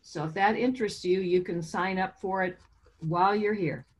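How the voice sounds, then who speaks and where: A woman's voice: medium pitch, moderate pace, noisy background. Woman hosting an online poetry reading. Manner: chatty and informal, reading out event details. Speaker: bookstore owner hosting a reading. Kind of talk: introducing a virtual poetry reading. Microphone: video call.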